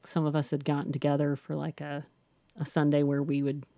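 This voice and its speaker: A woman's voice: low-pitched, monotone, brisk, dark tone, dry recording. A middle-aged woman, a guest, telling her personal story candidly and reflectively, often restarting and saying "you know".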